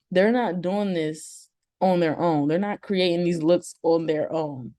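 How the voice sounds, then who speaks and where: A woman co-hosting a casual TV review chat, animated and slangy, often laughing. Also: lowish voice, slow pace. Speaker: co-host of a TV review show.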